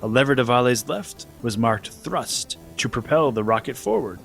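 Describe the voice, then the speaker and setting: Male narrator, scripted kids' story, expressive, mid pitch, faint music behind. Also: normal speed, vocal fry.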